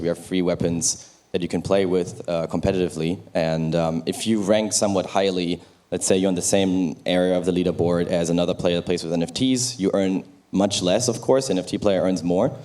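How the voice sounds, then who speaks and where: A man speaking as a panelist on a theater stage, measured and explanatory. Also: sits low, steady tone, a little mellow. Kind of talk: conference panel discussion.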